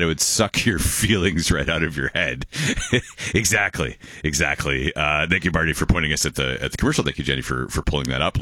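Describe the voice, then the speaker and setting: Guy hosting a radio call-in, super low voice but bouncy, keeps tripping over words and laughing, dry close studio mic. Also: bright, forceful tone, no room sound. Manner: rambling, jokey, stumbles and repeats words, laughs often. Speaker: radio host. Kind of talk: casual call-in radio chat.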